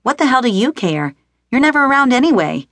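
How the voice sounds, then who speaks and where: A woman narrator voicing an angry young man who yells and curses at his father. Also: fairly low pitch, lively intonation, normal speed, dry recording. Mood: bitter. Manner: shouting, bitter, cursing.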